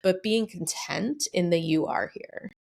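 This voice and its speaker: Woman, podcast host, vocal fry, lowish voice, affirming, thoughtful pauses. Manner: warm, affirming, thoughtful with hesitations. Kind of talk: casual conversational interview.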